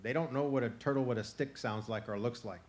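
A clever old box turtle who coaxes and persuades in an even, unhurried way, as a male storyteller speaks for him. The voice sits at an ordinary middle pitch for a man. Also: natural voice. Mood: calm scheming. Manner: calm, persuasive, coaxing.

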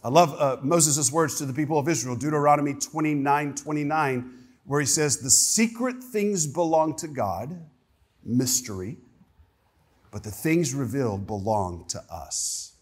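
A man's voice: fairly high pitch, animated, measured pace, breathy edge. A man, a pastor, preaching an emphatic sermon in a church, often repeating the first words of a phrase. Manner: emphatic, with many repeated word starts. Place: church sanctuary.

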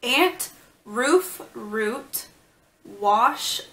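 Young female guest, slow bright voice, playful; echoey room, mic a bit away. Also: fairly high pitch, animated, distant mic. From Northern California. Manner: laughs at herself, playful. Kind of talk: casual chat.

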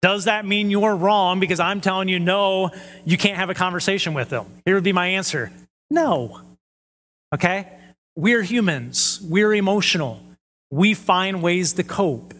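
A man's voice: high-pitched, unhurried, a bit bright, slight background noise. A man preaching a conversational sermon who often checks in with the audience and acts out quoted voices animatedly. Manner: conversational, asks the audience questions. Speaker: pastor. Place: church hall. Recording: long church hall reverb.

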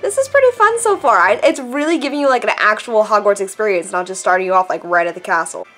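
A woman casually commenting while playing a mobile game, chatty and excitable, reading the on-screen text aloud. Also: medium pitch, fast talker, soft background music. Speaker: gameplay vlogger. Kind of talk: casual let's-play commentary.

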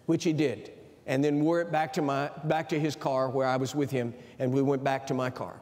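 A man's voice: mid-range voice, little pitch movement, moderate pace, darkish tone. A man preaching a sermon in a large auditorium, telling stories with emphasis. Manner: storytelling, emphatic. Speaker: university president preaching. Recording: long hall reverb.

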